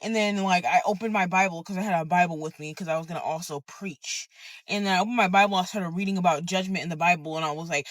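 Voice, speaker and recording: A person recounts a personal story in an unfiltered, rambling storytime way, tossing in slang and the odd swear. The voice sits at a middle pitch. The recording is dry and close, with no room sound. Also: fast, no room sound. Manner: candid, rambling, peppered with "bro" and swearing. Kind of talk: casual storytime monologue.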